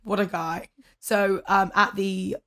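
A woman's voice: medium pitch, little pitch movement, takes it slowly, pushed and bright. A woman with an English accent co-hosting a podcast in casual chat, talking loosely with lots of "like" and "you know what I mean". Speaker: podcast co-host.

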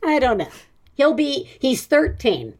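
A woman's voice: sits high, very animated, unhurried, darkish tone. A woman hosting a parenting podcast in casual chat, rambling and self-mocking and often laughing as she talks. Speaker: podcast host.

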